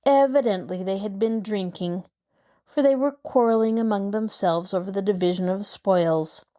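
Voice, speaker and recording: A woman host narrating a mystery novel aloud with a lively, dramatic delivery. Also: medium pitch, normal speed. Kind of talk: scripted storybook narration.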